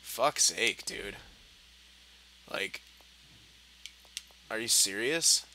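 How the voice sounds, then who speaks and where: Young male gameplay commentator, bright tense voice, swears and swings from mutters to shouts, faint hum behind. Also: on the low side, drawn-out words. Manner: frustrated, swearing, muttering then yelling at the game. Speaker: gaming commentator.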